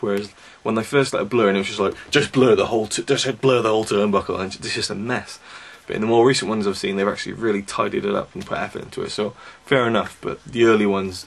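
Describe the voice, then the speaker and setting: A man's voice: fairly low pitch, vocal fry, slightly rough. A young man giving a casual, chatty review of wrestling DVDs, enthusiastic and full of fillers. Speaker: DVD reviewer.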